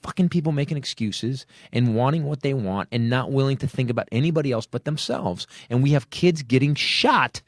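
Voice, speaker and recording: A man's voice: a little fast, few pauses, dry recording, clean studio sound. A man hosting a comedy podcast, ranting angrily and swearing at the state of the country. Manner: angry, swearing rants with lively swings of pitch. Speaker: podcast host. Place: podcast studio.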